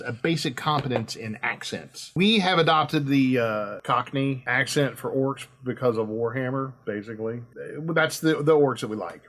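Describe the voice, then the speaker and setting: Middle-aged male host, mid pitch, rambly and emphatic, talking shop. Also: fairly bright tone. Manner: rambling, emphatic, lots of fillers. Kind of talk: casual chat.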